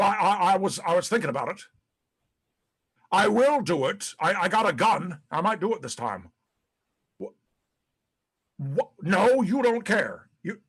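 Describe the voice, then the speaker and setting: A bitter, foul-mouthed ex-president. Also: male voice, high-pitched, slightly rough, exaggerated voice. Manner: profane, rambling, stammering, swings between bluster and self-pity. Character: disgraced paranoid ex-president, bitter, self-pitying, foul-mouthed man. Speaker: actor in a one-man play. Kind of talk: live-streamed stage monologue.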